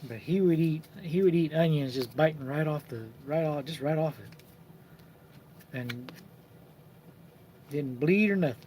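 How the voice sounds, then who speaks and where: A man hosting a casual live stream about card collecting, telling lively stories and mimicking the people in them. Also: a little high, a little slow, long pauses, slight background noise. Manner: animated storyteller who mimics voices and laughs.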